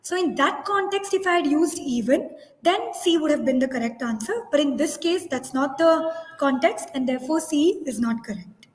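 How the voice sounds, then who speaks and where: A woman with a high voice leads a teachers' webinar online, walking through answers step by step and correcting herself as she talks. Her voice carries a long reverb in an echoey room. She talks into a computer mic. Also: lively intonation, moderate pace, soft background music. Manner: explanatory, reads out poll results, self-corrects.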